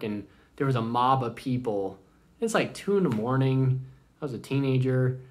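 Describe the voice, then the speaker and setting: A man in his thirties casually telling family stories to camera, rambling and halting with many fillers. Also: mid-range voice. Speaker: vlogger. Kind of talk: casual storytelling.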